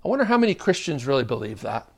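A male pastor preaching a sermon in an earnest way, swinging between loud emphasis and hushed intensity. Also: mid-range voice, big pitch swings, very fast, gravelly.

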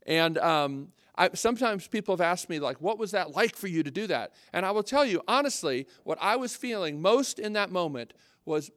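A man delivers a sermon in a talkative, earnest manner, often breaking off into asides. His voice sits high for a man, and the recording is dry and close. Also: animated, moderate pace, hardly any pauses, fairly bright tone, no room sound. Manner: conversational and earnest, with frequent restarts and asides. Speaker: preacher.

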